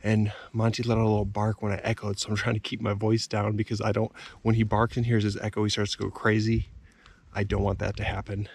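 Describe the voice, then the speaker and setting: A young man vlogging outdoors by a lake at night, talking to the camera in a hushed, easygoing way. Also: quick pace, hardly any pauses, husky. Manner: hushed and easygoing, then excited high baby talk to his dog. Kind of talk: casual narration to camera. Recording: distant camera mic, loud outdoor noise.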